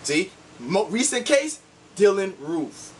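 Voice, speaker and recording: A man's voice: sits high, big pitch swings, slow pace, recorded from a distance, slight background noise. A man delivering a heated, combative video rant, insulting his opponents and repeating "see?" to drive his points home. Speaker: online commentator.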